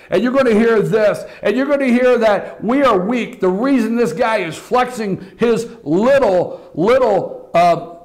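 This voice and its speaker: A man hosting a political commentary show, talking to the audience in an animated, repetitive way and calling them folks. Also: high voice. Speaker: political talk show host. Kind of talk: opinionated commentary.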